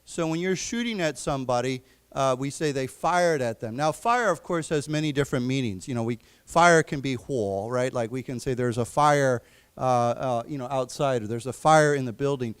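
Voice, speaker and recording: A man teaching a live English class, slowly explaining vocabulary and quizzing his students. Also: mid-range voice, clear, resonant tone. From United States. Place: library lecture room.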